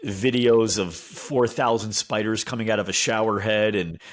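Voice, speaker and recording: A man's voice: fairly low pitch, steady tone, normal speed. A man from the United States hosting a podcast, chatting casually and laughing often. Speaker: podcast host.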